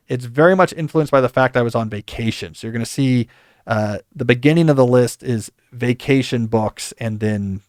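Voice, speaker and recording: A man's voice: mid-range voice, no echo, clean studio sound. A man hosting a podcast, talking through a casual book review in a rambling, conversational way with asides. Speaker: podcast host.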